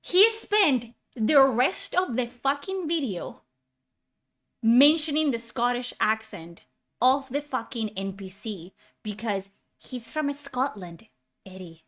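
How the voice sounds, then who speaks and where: A woman's voice: on the high side, lively intonation, slow, fairly bright tone. A woman ranting through a reaction video, sarcastic, incredulous and full of swearing. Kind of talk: exasperated ranting commentary.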